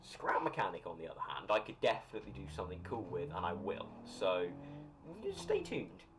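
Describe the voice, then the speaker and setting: A young British man rambles through a live gaming stream, answering chat with an animated pitch that swings up and down. His talk is loose and friendly, and he laughs easily. Steady background noise runs under his voice. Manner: rambling, chatty, reads and answers chat comments, quick to laugh. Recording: noisy home recording.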